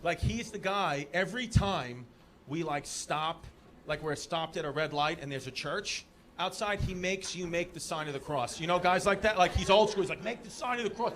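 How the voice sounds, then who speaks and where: A man from Queens doing a stand-up comedy set, loud and animated, shouting punchlines and working the crowd on a comedy club stage. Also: on the high side, normal speed. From Queens, New York. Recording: live club crowd laughing.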